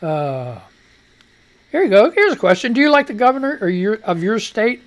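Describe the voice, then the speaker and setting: A man's voice: high voice, big pitch swings, normal speed. A middle-aged man hosting a casual talk radio show, rambling, chuckling often and throwing in crude asides.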